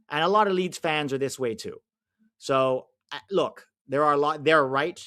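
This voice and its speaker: During a live football watch-along, an American man chats with viewers at a moderate pace in a fairly high voice. He answers comments as they come in and reacts to the match, getting excited when chances arise.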